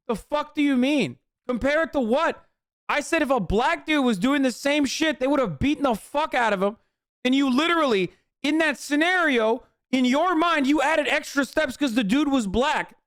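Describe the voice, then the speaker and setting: A man's voice: extremely high pitch, a bit bright, no room sound, clean studio sound. Profane, heated streamer man. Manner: heated, profane ranting at chat. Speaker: livestreamer reacting to a video. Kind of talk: casual reaction stream.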